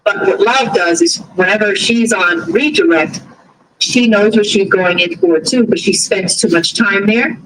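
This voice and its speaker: A woman's voice: mid-range voice, measured pace, a bit bright, slight background noise, poor audio. Chatty woman with a Boston accent. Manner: chatty, rambling, with many fillers and restarts. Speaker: livestream host. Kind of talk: casual livestream commentary.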